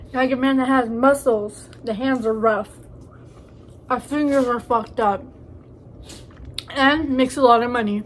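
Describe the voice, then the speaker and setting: High, slow-talking young woman vlogger. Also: fairly even intonation. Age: young adult. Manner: crude, joking and chatty, talks while eating. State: stuffy nose from allergies. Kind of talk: casual mukbang chat.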